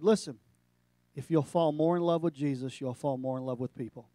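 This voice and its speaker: A middle-aged male pastor giving a sermon, animated and storytelling, breaking into jokes. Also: mid-range voice, brisk, no room sound.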